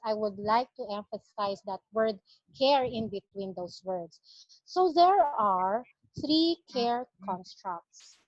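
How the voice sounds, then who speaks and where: A woman palliative care consultant delivers a medical lecture, setting out definitions in an earnest, careful manner. Her voice sits a little high. The audio is dull, dry and lo-fi. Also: no echo.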